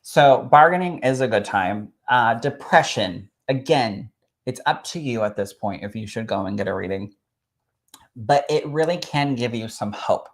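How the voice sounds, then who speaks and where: A man working as a psychic medium, talking in a candid, animated way that includes casual swearing. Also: mid-range voice, normal speed. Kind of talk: casual chat.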